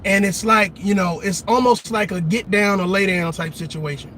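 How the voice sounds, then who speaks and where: Man hosting a fiery commentary rant, very high voice, hammers his points with repetition. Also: normal speed, a bit bright, a little hiss or hum. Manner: emphatic, repetitive, calls out to listeners. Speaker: show host. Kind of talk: impassioned commentary monologue.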